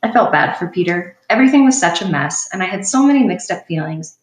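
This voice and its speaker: A woman's voice: lowish voice, animated, fast, few pauses. A woman reading a children's novel aloud in a plain, unpolished way, with a slip now and then. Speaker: audiobook reader. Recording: roomy sound from a distant mic.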